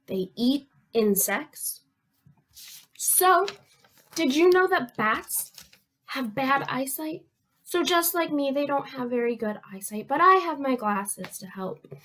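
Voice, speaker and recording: Upbeat librarian woman, slow and clear. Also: on the high side, fairly bright tone. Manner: friendly, talks straight to kids with questions and pauses. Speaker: children's librarian. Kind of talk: children's storytime lesson.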